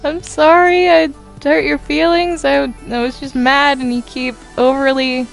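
A woman voicing an excitable cartoon girl in a Minecraft role-play, stammering and insisting she is calm. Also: high voice, unhurried, creaky, soft background music, voice pushed up. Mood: apologetic.

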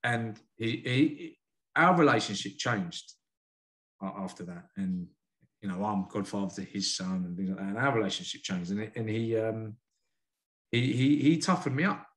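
A man's voice: fairly low pitch, a bit bright. A man from the UK, a karate sensei and boxing coach, telling stories frankly and earnestly as a podcast guest. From United Kingdom. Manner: frank, earnest, quick to admit feelings. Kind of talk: candid storytelling in a podcast interview.

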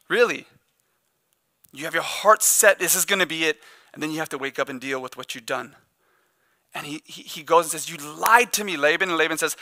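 A man preaching a sermon as the pastor, in a conversational, joking style with animated storytelling. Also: fairly high pitch, no room sound.

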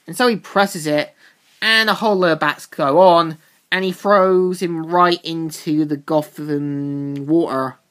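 A woman talks through a comic's plot in a loose, casual recap, circling back and restarting her sentences as she goes. Her voice is fairly low for a woman. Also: a little slow. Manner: rambling retelling with loose restarts. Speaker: comic book reviewer.

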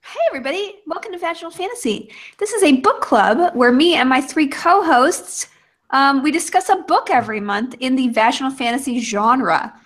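A woman's voice: sits high, expressive, normal speed, a bit bright. A woman hosting a book club video chat, bubbly and teasing, laughing often over a home webcam.

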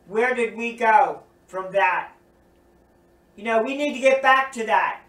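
A man's voice: very high voice, measured pace, a bit bright. A man preaching a sermon, earnest and emphatic, repeating his points. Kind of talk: recorded sermon teaching. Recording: roomy echo, distant from mic.

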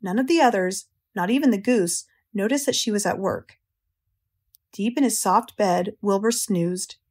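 An American woman narrating an audiobook in a calm, measured, gentle storytelling manner. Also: mid-range voice, husky.

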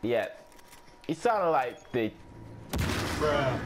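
A man talks through a shooter match in a loose, sweary way, his pitch rising and falling a lot as he thinks aloud. A steady noise sits under the voice. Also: very slow, long pauses. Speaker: gameplay commentator. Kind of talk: casual gameplay commentary.

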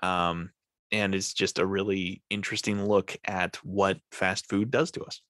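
A man's voice: low-pitched, flat delivery, unhurried, fairly bright tone, no room sound, studio quality. A man co-hosting a podcast, chatting casually, rambling and laughing often. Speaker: podcast co-host.

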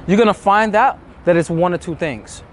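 A man's voice: sits high, moderate pace, a little hiss or hum. A man talking as a dating coach, emphatic and acting out the inner thoughts of nervous men. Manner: emphatic, acts out inner thoughts in quoted asides. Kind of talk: motivational talk to camera.

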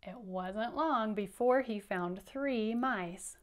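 A woman teacher reading a picture book aloud to young children at an unhurried, deliberate pace. She is patient and encouraging, and she invites the kids to count along with her. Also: medium pitch. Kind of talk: interactive children's read-aloud.

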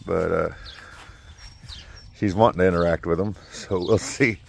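A man's voice: low-pitched, steady tone, a little slow, gravelly, slight background noise. A man gives easygoing, casual commentary while walking a new puppy outdoors in a yard. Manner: easygoing, coaxes the dog between remarks.

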